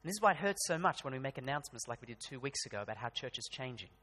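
A man's voice: medium pitch, very animated, racing, sharp tone. Male pastor, casual preaching style with emphatic peaks, church-hall reverb. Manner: conversational preaching with rising emphatic bursts. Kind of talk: sermon.

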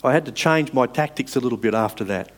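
A man preaching a sermon in an earnest, measured way, rising for emphasis and dropping soft at the ends of phrases. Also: medium pitch.

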